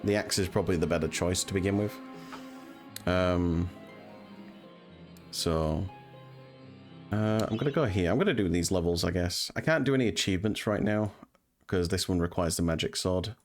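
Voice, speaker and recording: Streamer, low voice, laid-back speedrun commentary with game music behind. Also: male voice, moderate pace, long pauses. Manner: relaxed, rambling, with frequent ums and uhs. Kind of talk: casual gameplay commentary.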